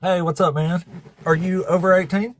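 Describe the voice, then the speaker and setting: A man's voice: high-pitched, little pitch movement, normal speed. A man from North Alabama with a Southern accent, hosting a casual debate livestream in a plainspoken, chuckling way. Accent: Southern American. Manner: laid-back, chuckling, plainspoken. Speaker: host.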